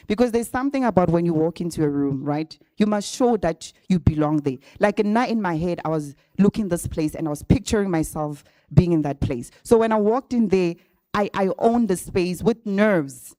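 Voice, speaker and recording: A woman's voice: fairly low pitch, animated, normal speed, warm tone, no echo, clean studio sound. A woman telling a personal story to an audience of graduates in a casual way, often checking in with "right?". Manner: chatty, addresses the audience directly with frequent "right?". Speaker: guest speaker at a graduate bootcamp. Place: event venue with a live audience. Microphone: handheld or stand microphone.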